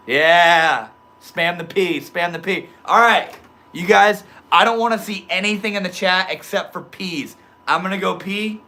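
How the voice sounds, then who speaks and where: A man's voice: high voice, unhurried, sharp tone. A man chatting loosely with his livestream viewers, reading their comments aloud in slangy talk full of bro and dude. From Maine. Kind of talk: casual livestream chat.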